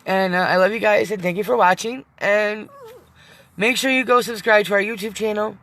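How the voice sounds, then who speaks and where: Middle-aged lady rambling on a live stream from her van, gravelly rough voice, gets teary. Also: mid-range voice, fairly even intonation, moderate pace, a bit bright. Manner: emotional, rambling, teary at times, swears. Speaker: vlogger. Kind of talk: casual live-stream chat. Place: inside a parked van.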